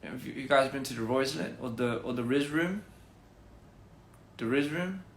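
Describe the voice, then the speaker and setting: A man's voice: mid-range voice, moderate pace, reverberant, a little hiss or hum. Man rambling playfully on a livestream. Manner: goofy, rambling wordplay, laughs at own jokes. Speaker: livestream host. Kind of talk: casual livestream chat.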